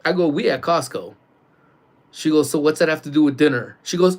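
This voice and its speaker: A man hosting a casual morning livestream, talking loudly with lots of laughing and joking. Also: on the high side, normal speed, long pauses. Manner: loud, laughing, joking banter. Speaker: livestream host.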